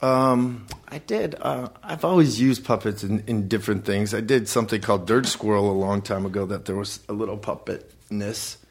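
A man in his forties, a podcast guest, talking in a halting way with frequent restarts and chuckles. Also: on the low side, husky. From United States. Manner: halting, restarts often, chuckles through answers. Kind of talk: casual podcast chat.

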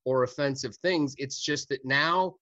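A man's voice: medium pitch, unhurried, sharp tone, no room sound, dull audio. An older man from the United States, a stand-up comedian speaking bluntly and unapologetically as an interview guest, chuckling through his points. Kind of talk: casual interview chat.

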